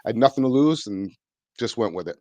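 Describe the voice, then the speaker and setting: A man's voice: mid-range voice, expressive, fast, darkish tone, dry recording. A middle-aged man from Vermont, a real estate investor guest, telling his story in a rambling way with many fillers. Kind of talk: casual storytelling interview.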